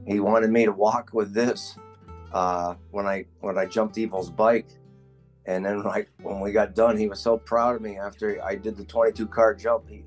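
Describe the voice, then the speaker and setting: A man in his sixties, a retired motorcycle stunt rider, casually reminiscing in a folksy storytelling way. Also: lowish voice. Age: 60s. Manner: folksy storyteller, laughs at his own tales.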